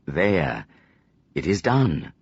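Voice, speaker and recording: A man voicing a stern older male magician who acts as a calm mentor, speaking in a slow, measured, commanding way. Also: deep voice, husky, no echo, lo-fi sound, full character voice. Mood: gentle.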